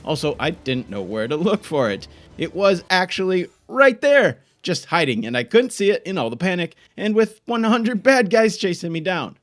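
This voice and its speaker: Guy yelling through a video game run, voice jumping all over, kinda high, little music under it. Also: very animated, moderate pace, few pauses. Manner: frantic, exclaiming, frustrated. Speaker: gaming YouTuber. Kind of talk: live gameplay commentary.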